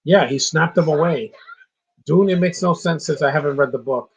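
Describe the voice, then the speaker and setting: A man's voice: fairly high pitch, moderate pace, slightly rough, poor audio. A man giving casual live commentary on a movie, opinionated and ranting about what he dislikes. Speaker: film commentator.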